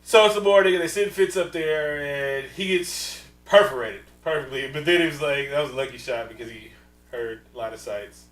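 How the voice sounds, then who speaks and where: Loud laughing man in an echoey room. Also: fairly high pitch, normal speed, recorded from a distance. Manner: loud, laughing, swears freely, acts out scenes. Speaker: podcast co-host. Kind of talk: casual movie recap chat.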